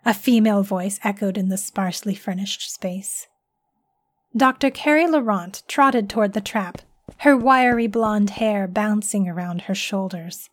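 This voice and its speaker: A woman's voice: mid-range voice, normal speed, no echo. Woman narrating a story, dry close sound.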